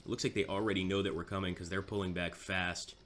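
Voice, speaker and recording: Man, low voice, forceful bright tone, casual game commentary, self-mocking. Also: little pitch movement, fast, slight background noise.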